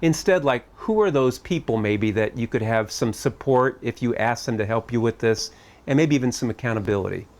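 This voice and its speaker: A man's voice: medium pitch, animated, a little fast, a little mellow. A middle-aged man speaking at a family camp, giving a reflective talk in a conversational way. He asks his listeners searching questions and adds light humor.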